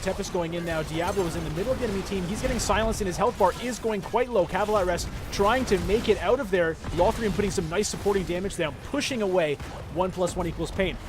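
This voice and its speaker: A man's voice: high-pitched, noisy background. A man casting an esports match play-by-play, with chatty, joking asides to the viewers. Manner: jokey, chatty asides to the chat. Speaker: esports caster. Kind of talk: play-by-play game commentary.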